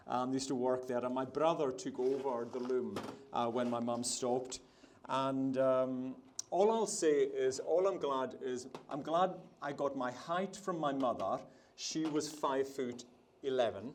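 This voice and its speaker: A man's voice: medium pitch, a little hiss or hum. A man with a Hebridean Scottish accent, chatting and telling a yarn with laughs while cooking. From Isle of Lewis, Scotland. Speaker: baker giving a cooking demonstration. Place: food festival hall, demo stage.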